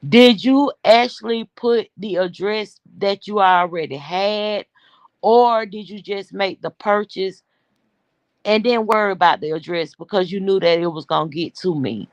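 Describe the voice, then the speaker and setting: A woman's voice: medium pitch, measured pace, no room sound. A woman hosting a livestream, brash and profane, talking straight to her chat and sounding winded and worn-voiced. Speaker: livestream host.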